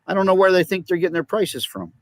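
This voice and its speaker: A man's voice: sits high, animated, fast, no room sound. Man, record collector, rambling, indignant, video call, dry close sound. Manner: rambling, indignant about prices. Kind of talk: casual video-call chat.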